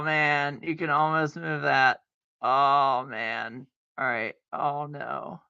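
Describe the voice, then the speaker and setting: A man's voice: a little high, flat delivery, takes it slowly, vocal fry, sharp tone, smooth, no echo. A man streaming a solitaire game, talking to himself in casual commentary and arguing with himself, with mock-scared outbursts. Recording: dull lo-fi dry sound.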